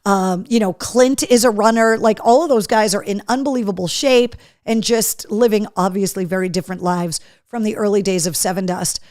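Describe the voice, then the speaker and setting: A woman's voice: mid-range voice, normal speed, few pauses, darkish tone, dry recording, studio quality. A woman hosting a live show in casual chat, talking easily and reading viewer comments aloud. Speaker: host.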